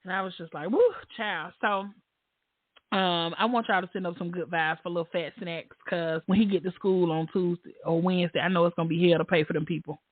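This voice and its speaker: A woman hosting a casual podcast, an animated storyteller who laughs often and acts out the voices of the people in her stories. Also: on the low side, a little fast, no room sound. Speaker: podcast host. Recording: tinny phone-like line, dry.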